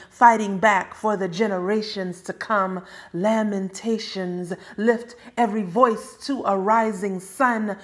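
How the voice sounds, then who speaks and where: Slow, intense spoken-word woman. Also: medium pitch. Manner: slow, rhythmic, intense delivery. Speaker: poet.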